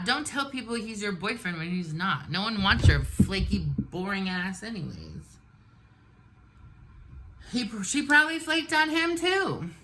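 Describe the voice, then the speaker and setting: A medium-pitched, pushed, bright voice carries this get-ready-with-me storytime from a forties-aged woman vlogger. She animatedly and bluntly vents while doing her makeup, over slight background noise.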